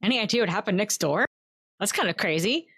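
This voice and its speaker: A woman's voice: medium pitch, expressive, fast, fairly bright tone, husky, no room sound, studio quality. A woman playing a character in a tabletop game, blunt and playful. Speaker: player.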